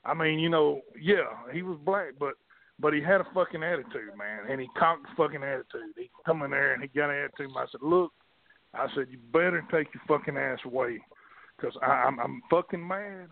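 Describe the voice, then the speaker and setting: Man, gravelly and fairly high-pitched, profane rambling storyteller, tinny phone line. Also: brisk. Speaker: wrestling promoter, guest. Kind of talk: casual storytelling.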